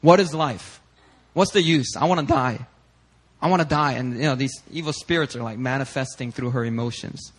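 Fast-talking young pastor telling a story. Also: male voice, medium pitch. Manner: animated, casual, slips in Korean phrases. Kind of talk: storytelling sermon.

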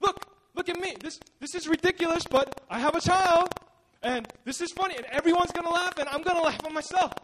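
A man's voice: very high voice, fairly quick, fairly bright tone, slight background noise, pitched above the performer's own voice. A male preacher voicing an elderly woman who exclaims with giddy astonishment at herself.

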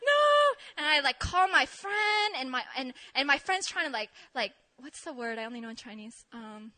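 A young woman telling an animated story to an audience, excitable and laughing often. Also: sits high, normal speed, poor audio. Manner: excitable, shrieks in re-enacted moments, laughs often. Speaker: speaker sharing a testimony.

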